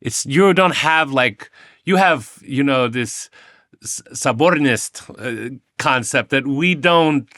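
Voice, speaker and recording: An American man chats as a podcast guest, animated and ready to laugh. His voice is bright and clear. The recording is close and dry, with no room sound. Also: medium pitch, takes it slowly, no room sound. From United States. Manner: animated, laughs often, acts out others' speech. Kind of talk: casual conversation.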